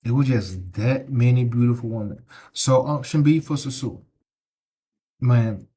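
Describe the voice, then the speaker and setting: A man's voice: medium pitch, a little slow, dark tone, breathy edge. Preachy man vlogging on the street. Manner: preachy, repeats himself, tags lines with "right?". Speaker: travel vlogger. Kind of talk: casual walking vlog to camera. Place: outdoors on a town street.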